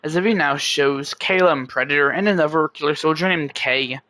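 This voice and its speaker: A man's voice: fairly high pitch, brisk, sharp tone, no room sound. A man improvising casual narration for a story, loose and stumbling over restarts.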